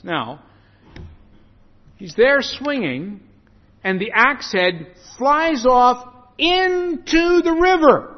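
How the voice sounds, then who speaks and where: A man preaching a sermon to his congregation, lively and animated, acting out the scripture story in voices. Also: very high voice, slow, long pauses. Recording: muffled echoey hall.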